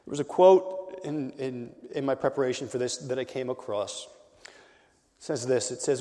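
A man preaching a conversational sermon as a pastor, swinging between loud emphasis and quiet, intimate lines. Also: mid-range voice, normal speed, long reverb tail.

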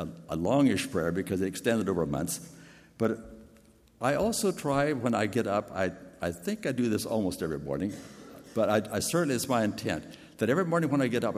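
A man's voice: lowish voice, big pitch swings, a little fast. An older man with a big voice preaching a sermon in an earnest, personal storytelling way. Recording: long hall reverb.

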